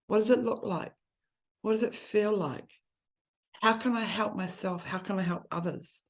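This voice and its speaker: A woman's voice: mid-range voice, moderate pace. A woman, speaking earnestly and from the heart in a conversation about grief. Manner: earnest and heartfelt, speeding up when listing.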